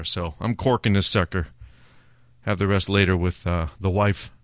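A man's voice: lowish voice, no echo, clean studio sound. A man hosting a food and beer show, chatting casually through a beer tasting with many filler words. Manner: chatty, relaxed, with frequent "uh" fillers.

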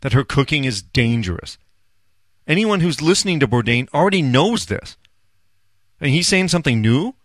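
A man's voice: mid-range voice, sing-song, moderate pace, pauses often, no room sound, studio quality. Blunt profane man ranting. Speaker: podcast host. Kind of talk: casual ranting commentary.

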